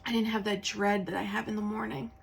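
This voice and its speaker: A woman tarot reader talks in a candid, confessional way, slightly tearful. Her speech wanders, with fillers and restarts, at a middling pitch for a woman. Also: flat delivery, quick pace, gravelly, slight background noise. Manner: candid, rambling, with many fillers and self-corrections. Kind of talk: casual confessional talk.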